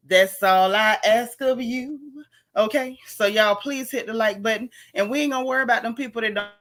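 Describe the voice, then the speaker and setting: A woman from Florida, hosting a casual livestream and talking fast and sassily to her viewers. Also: medium pitch, a bit bright. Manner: fast, sassy, talks straight to viewers. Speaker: livestream host.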